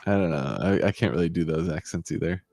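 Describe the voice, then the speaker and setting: A man chatting casually as co-host, relaxed and a little hesitant, often trailing off with "like". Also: deep voice, fast, no room sound, faint music behind. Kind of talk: casual chat.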